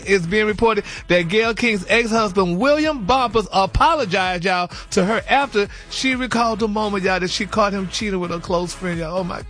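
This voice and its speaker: High bright-voiced man dishing celebrity gossip. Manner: chatty, emphatic, peppers talk with "y'all" and "honey". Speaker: celebrity news regular on a morning radio show. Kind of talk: casual gossip commentary.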